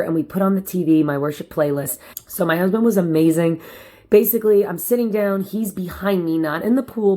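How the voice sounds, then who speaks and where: A woman with a fairly low alto voice talks casually to camera at home. Her delivery is chatty and animated, and she speaks directly to her viewers as she tells her story. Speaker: vlogger. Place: at home, lit by window light.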